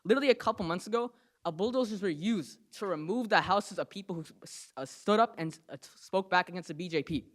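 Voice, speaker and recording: A young New Jersey man delivers a fiery public comment at a council meeting, talking fast and with emphasis while capping phrases with "okay?" and "right?" His voice sits high and sounds animated.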